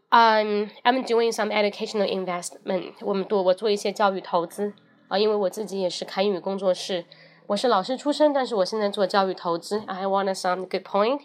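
A woman whose first language is Chinese, hosting a casual bilingual livestream as an English teacher, mixing Chinese and English and spelling words out letter by letter. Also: medium pitch.

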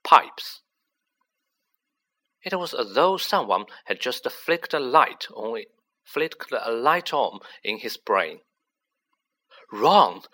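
Animated man narrating a storybook. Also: mid-range voice, unhurried. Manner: dramatic, animated delivery. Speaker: audiobook reader.

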